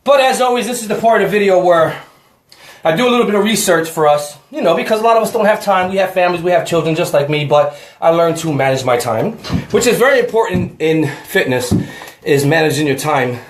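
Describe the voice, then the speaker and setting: Winded guy doing a fitness vlog at home, kinda high voice, echoey room. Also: animated, fairly quick, a little hiss or hum. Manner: chatty, talks to camera and a friend. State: out of breath. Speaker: fitness vlogger. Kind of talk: casual home workout vlog.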